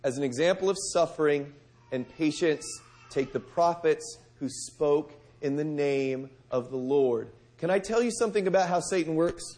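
A man preaching a sermon, talking to his listeners, asking them direct questions, and moving between loud emphasis and soft, gentle lines. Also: on the high side, normal speed. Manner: conversational, asks the audience direct questions.

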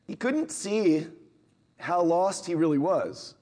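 A man's voice: animated, slow pace, dark tone. A man preaching a sermon in a conversational way, acting out the lines of Bible characters with a rising voice. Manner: conversational, acts out Bible quotes with rising pitch.

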